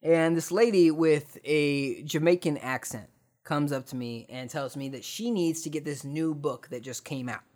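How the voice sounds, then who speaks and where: A man's voice: a little high, normal speed, a little mellow. Young male podcast host with a sarcastic, swearing storyteller's rant that swings between mutters and outbursts.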